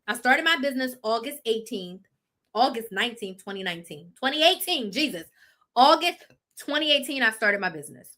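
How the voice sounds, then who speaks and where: A woman's voice: a little high, bright, forceful tone. A woman in her thirties, a business coach hosting a live chat, telling her own story bluntly and with animation, correcting herself as she goes.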